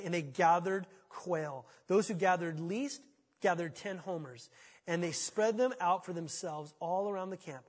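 A man preaching a sermon as pastor, animated and acting out quotes in mocking voices. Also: a little high, long reverb tail.

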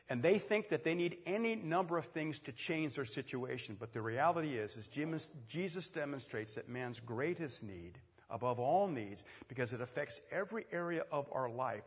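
A man preaching a sermon, telling the story with quick asides and sudden loud swells. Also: mid-range voice, breathy edge. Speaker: pastor. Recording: echoey hall with long reverb.

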